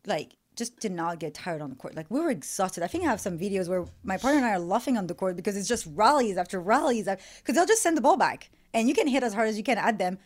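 A young woman from Morocco whose first language is French, a chatty guest who tells animated stories and laughs often. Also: medium pitch, quick pace, few pauses. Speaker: guest, beach volleyball player. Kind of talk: casual interview chat.

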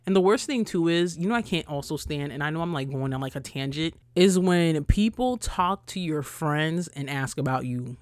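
A young woman from New ranting bluntly as a podcast host, swearing freely and her voice jumping loud and high when she gets riled. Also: lively intonation, moderate pace, hardly any pauses, no echo, studio quality. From New York, USA. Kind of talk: casual ranting monologue.

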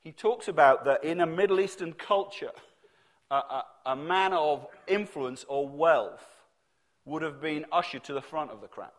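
Storytelling preacher, slightly high voice. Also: male voice, moderate pace. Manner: conversational storytelling, acting out quoted voices. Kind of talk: sermon.

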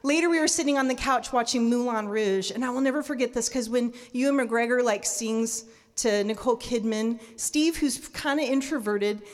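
A woman in her thirties tells a personal story on a stage, her voice fairly high and trailing off into the long reverb of a hall. She is lively and quick to laugh, acting out her own reactions as she goes. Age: 30s. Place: stage before a live audience.

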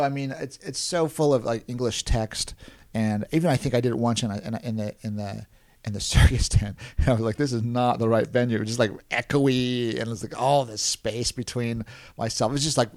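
A man at a middle pitch tells stories from the road in a loose, rambling way. He restarts his sentences often and laughs as he goes. When he quotes someone else's panic, his voice jumps up higher. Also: fairly quick, darkish tone. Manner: acts out other people's panicked lines in a higher voice. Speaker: podcast guest, clown performer. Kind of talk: casual storytelling interview.

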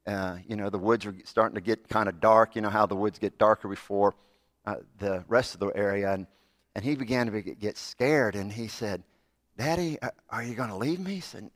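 A man preaching a sermon as a Methodist pastor, telling stories earnestly, building up and then dropping soft. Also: on the low side, fairly even intonation, brisk, no echo, clean studio sound. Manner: earnest storytelling, swells louder in stories then drops soft.

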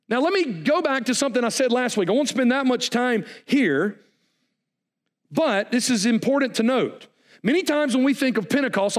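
A man preaching a sermon as pastor, animated and folksy, with jokes and asides to the congregation. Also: sits high.

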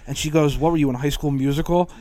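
A man's voice: on the high side, fairly even intonation, quick pace, warm tone. A young man co-hosting a casual podcast in a studio, telling rambling, profane stories full of restarts. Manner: rambling storyteller, swears often, lots of restarts. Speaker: podcast co-host. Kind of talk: casual chat.

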